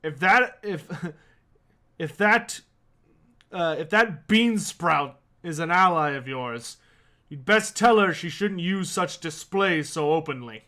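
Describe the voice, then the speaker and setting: A man voicing a gruff, stern old male dwarf runesmith with a hearty manner. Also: on the high side, expressive, takes it slowly, bright, forceful tone, full character voice.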